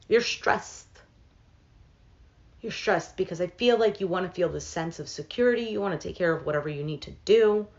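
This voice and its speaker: A woman's voice: fairly low pitch, animated, moderate pace, creaky, a little mellow, highs cut off. A woman reading tarot cards for her viewers in a casual, thinking-aloud way, with many fillers and asides. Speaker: tarot reader.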